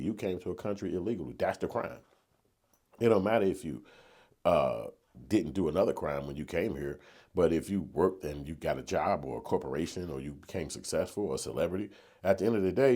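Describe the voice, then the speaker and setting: Low, husky-voiced man ranting casually. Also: mellow. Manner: conversational and slangy, building to emphatic rants. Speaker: commentary vlogger. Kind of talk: casual opinion monologue.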